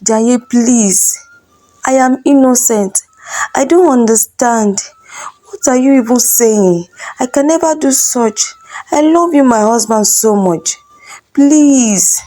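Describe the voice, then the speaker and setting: A woman's voice: on the high side, expressive, measured pace, dark tone, voice pushed up. A woman voicing a young wife on her knees, begging her husband to believe she is innocent. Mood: desperate pleading. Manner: begging, tearful pleading. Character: desperate pleading wife, young adult.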